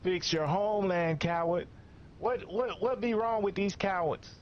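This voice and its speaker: A man's voice: high voice, unhurried, darkish tone, a little hiss or hum. A man delivering a profane, scolding commentary rant in a lo-fi recording. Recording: muffled lo-fi recording.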